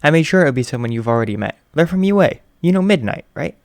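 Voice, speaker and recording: A man's voice: on the high side, expressive, fast talker, no room sound. A man voicing a mischievous, pushy young woman who schemes with glee. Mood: gleeful. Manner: bossy, gleeful, pushy.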